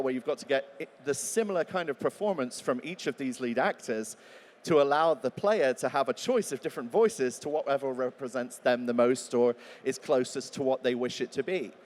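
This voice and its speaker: A man's voice: mid-range voice, long reverb tail. A man who works as a voice actor, giving a thoughtful interview answer and laying out examples, with occasional fillers and restarts.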